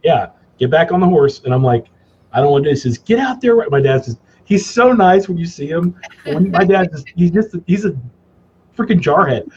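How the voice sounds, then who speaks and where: A man guest in a casual interview, telling stories in an animated way, laughing and acting out his father's gruff lines. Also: fairly high pitch, a little fast, lo-fi sound, slight background noise. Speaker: cigar company guest.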